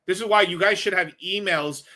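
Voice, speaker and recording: A male host rambles through viewer questions in a casual livestream with a bright, forceful voice. He talks bluntly, swears often and pitches a bit on the high side. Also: a little fast.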